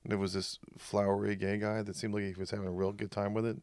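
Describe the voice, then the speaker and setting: A man cracking jokes in casual chat as a podcast co-host, sometimes jumping into silly high voices. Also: little pitch movement, fast talker, darkish tone, no echo, clean studio sound. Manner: wisecracking, jumps into high put-on voices for jokes.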